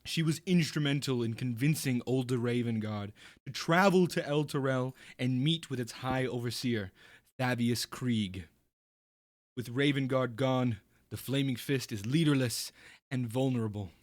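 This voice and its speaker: Casting: a man playing a weepy, timid young noble in a tabletop game, cracking voice, prone to shouting. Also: mid-range voice, unhurried, no echo, clean studio sound, close to an everyday voice. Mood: confiding. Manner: voice cracks, shaky then bursts into shouting.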